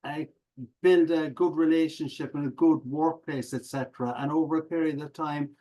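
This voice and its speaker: A middle-aged Irish man, a professional speaker, telling stories as a podcast guest in a lively, joking way. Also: on the high side, normal speed, poor audio. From Ireland. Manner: animated, jokey, acts out audience reactions. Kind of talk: conversational interview, storytelling.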